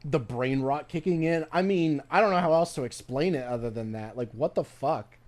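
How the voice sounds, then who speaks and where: This man's voice is a little high and a little mellow, moving at normal speed as he streams a game. He talks casually and profanely, wandering off topic and often restarting sentences.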